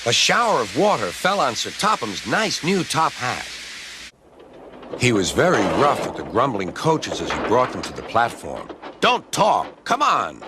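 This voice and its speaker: A man reading a children's story aloud in scripted narration, expressive, doing the characters' voices himself. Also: medium pitch, normal speed, background noise.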